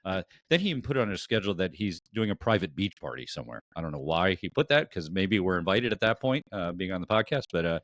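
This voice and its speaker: A man's voice: sits low, big pitch swings, quick pace, hardly any pauses, fairly bright tone, dry recording, clean studio sound. A man hosting a podcast, chatting casually and rambling through plugs and introductions. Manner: rambling with frequent fillers and restarts. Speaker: podcast host.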